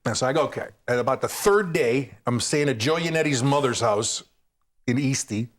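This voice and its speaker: A middle-aged man, a guest comedian, telling animated stories in an interview, acting out voices and laughing as he goes. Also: medium pitch, normal speed. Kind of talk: storytelling in an interview.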